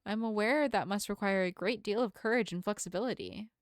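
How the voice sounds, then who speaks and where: A woman's voice: mid-range voice, brisk, no echo, lightly acted. A woman voicing an earnest, polite young woman who talks in formal, apologetic phrases, reading a visual novel aloud with a dry sound.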